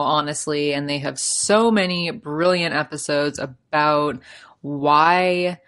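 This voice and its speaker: A woman's voice: sits low, a bit bright. A young woman with a Canadian accent hosting a podcast on her own, chatty and upbeat with easy laughs. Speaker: podcast host. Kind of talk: casual solo podcast talk.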